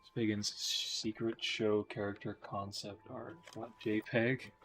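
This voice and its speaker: A man's voice: fairly low pitch, little pitch movement, slow, fairly bright tone, soft background music. A man chatting casually while drawing on stream, rambling and joking about himself. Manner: rambling, jokey, self-mocking.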